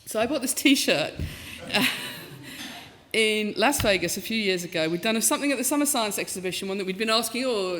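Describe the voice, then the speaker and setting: A professor in her fifties with a mid-range voice tells comic stories on stage in a big hall whose long reverb fills the recording. Her storytelling talk is lively and self-mocking, full of comic asides, and she acts out the voices she quotes.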